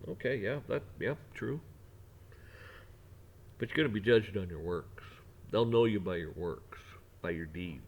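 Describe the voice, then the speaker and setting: A man's voice: deep voice, expressive, a little slow, pauses often, darkish tone. A man delivering a preachy, rambling rant on his own vlog, repeating himself often. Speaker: vlogger.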